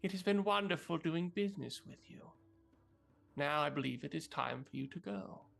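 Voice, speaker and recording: A man voicing an eerie old female witch who speaks slowly and quietly in a low murmur. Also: expressive, creaky, soft background music, heavily acted. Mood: stern. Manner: slow, low, murmuring delivery.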